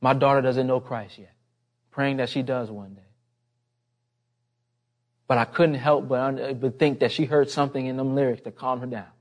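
A man's voice: fairly even intonation, normal speed, long pauses. Man, pastor, sermon, conversational storytelling, impassioned. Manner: impassioned, rising in pitch and volume toward the end; personal storytelling, conversational asides.

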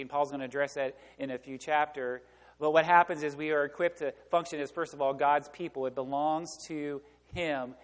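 Brief: male pastor, higher-pitched voice, emphatic call-and-response preaching, long church reverb. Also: fairly even intonation, moderate pace. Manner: emphatic preaching, asks the congregation to fill in words. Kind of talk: sermon. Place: church sanctuary.

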